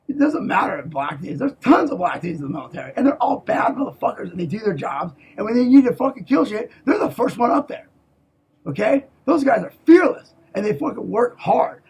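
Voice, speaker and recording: Husky gravelly guy ranting on camera, cusses nonstop, keeps saying okay. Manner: profane, repeats "okay?", restarts a lot; swings between loud outbursts and low mutters. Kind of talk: rambling monologue.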